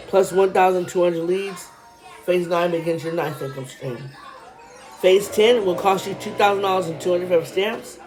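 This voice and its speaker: A woman vlogger explaining a money program in casual talk, reading figures quickly with chatty asides to viewers, a little out of breath. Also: on the low side, a little mellow, soft background music.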